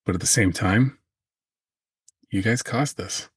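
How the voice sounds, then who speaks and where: A man's voice: on the low side, unhurried, breathy edge, no echo, clean studio sound. A man co-hosting a podcast, chatting casually and joking. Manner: joking, teasing. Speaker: podcast co-host. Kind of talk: casual chat.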